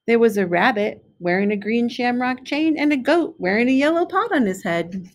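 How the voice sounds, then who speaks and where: With a fairly high, animated voice, this woman reads a picture book to young children. She is a preschool specialist and tells the story in a slow, clear way.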